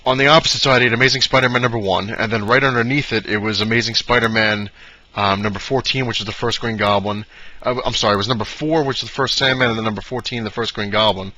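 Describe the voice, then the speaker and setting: A man telling a long, rambling story to camera, excitable and full of fillers and restarts. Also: fairly low pitch, fast, highs cut off. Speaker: comic collector vlogger.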